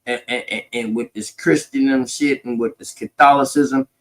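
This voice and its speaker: A man runs through history in loose, casual talk. He is profane and emphatic, and he leans into his points as he explains. His pitch sits at a middle level. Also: steady tone, normal speed, hardly any pauses, low-quality recording. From South Carolina, United States. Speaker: podcast host.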